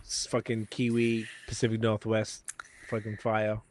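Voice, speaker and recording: A man's voice: on the low side, completely flat delivery, measured pace, a little mellow, a little hiss or hum. Swearing Australian man hosting a podcast. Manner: hyped slang, swears a lot. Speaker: podcast host. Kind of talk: casual beer-tasting chat.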